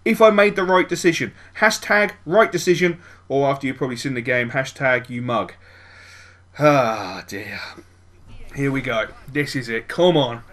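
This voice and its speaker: A man commentating his own football video game, muttering over plans and then yelling and swearing at the match. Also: mid-range voice, normal speed. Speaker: gaming YouTuber. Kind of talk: let's-play commentary.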